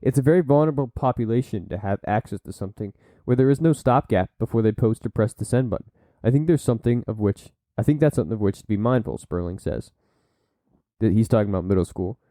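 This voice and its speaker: A man's voice: fairly low pitch, brisk, warm tone, no echo. A man hosting a solo podcast, reading from sources and breaking off into blunt asides and silly put-on voices. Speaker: podcast host.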